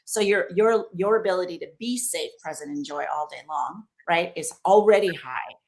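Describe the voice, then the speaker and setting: A woman's voice: lowish voice, normal speed. A woman as a podcast guest and company founder, talking animatedly, listing examples and acting out little quotes. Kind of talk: podcast conversation.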